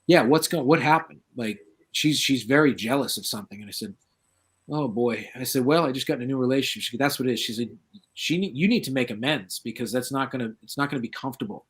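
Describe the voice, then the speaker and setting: Talking fast in a husky, moderately pitched voice, this middle-aged man from southeastern Massachusetts appears as a guest paranormal researcher. He shares stories in a relaxed, anecdotal way and livens up when imitating the people he quotes.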